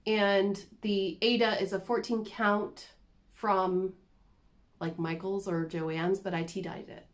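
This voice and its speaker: A woman showing off her craft projects in a relaxed, unhurried chat. Her voice sits at an ordinary middle pitch, and she drifts into self-deprecating asides. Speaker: cross-stitch vlogger. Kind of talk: casual show-and-tell chat.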